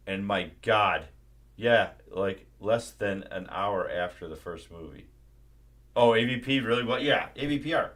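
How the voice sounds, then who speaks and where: A man's voice: lowish voice, measured pace, a bit bright. A man hosting a live stream, ranting casually and profanely about a movie. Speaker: livestream host.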